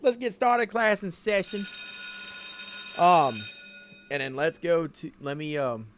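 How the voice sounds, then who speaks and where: A male streamer chatting casually and haltingly while he sets up his stream. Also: on the high side, animated, slight background noise. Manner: halting, full of fillers while setting up. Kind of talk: casual live-stream chat.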